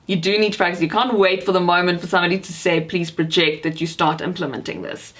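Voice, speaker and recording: A South African woman, a voice coach and actor, teaches to camera how to project the voice, speaking emphatically and encouragingly and demonstrating shouting. Her voice is fairly low and steady in tone, delivered fast.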